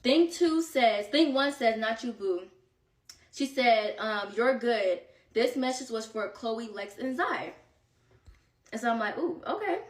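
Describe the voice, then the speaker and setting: Animated young woman telling a storytime. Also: a little high, slow, distant mic. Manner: animated, slangy, quoting texts in voices. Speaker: vlogger. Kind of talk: casual storytime chat. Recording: roomy, from off the mic.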